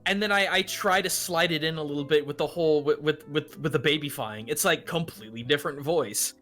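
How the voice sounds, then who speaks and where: A man chatting casually in a live question session, with a bright, forceful tone that sits a touch high. He rambles along with restarts and the odd curse, and faint music plays underneath. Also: brisk. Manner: animated, rambling with restarts and swearing. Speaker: player and voice actor on a tabletop game show.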